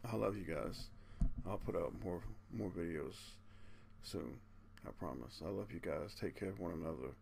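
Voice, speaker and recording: A man's voice: low voice, moderate pace, gravelly, a little mellow, a little hiss or hum. A man giving an earnest, preachy monologue to his viewers, speaking bluntly, cursing casually and tacking "man" onto his sentences. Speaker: video channel host.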